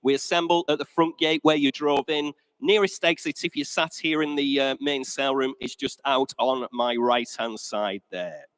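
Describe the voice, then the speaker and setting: Opening a live auction in a large indoor room, a male auctioneer talks at a moderate pace with few pauses in a medium-pitched voice. He's jokey, chatty and a bit winded as he greets the ladies and gentlemen. The audio is rough, with no room sound.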